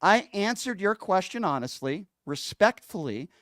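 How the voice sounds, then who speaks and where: A man's voice: high voice, big pitch swings, unhurried, fairly bright tone, dry recording, clean studio sound. A man hosting a call-in radio show, taking calls and arguing sarcastically with a prank caller.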